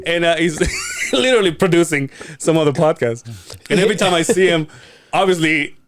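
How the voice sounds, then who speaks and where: A man's voice: on the high side, a little fast, slight background noise. A man co-hosting a podcast, telling stories in casual, profane chat. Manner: profane, animated storytelling with laughter. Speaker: podcast co-host.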